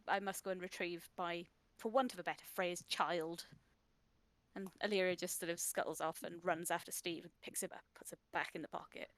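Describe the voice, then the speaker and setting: A woman playing a tabletop role-playing game, animated and slipping into character voices as she chats. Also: fairly low pitch, no room sound. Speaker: player.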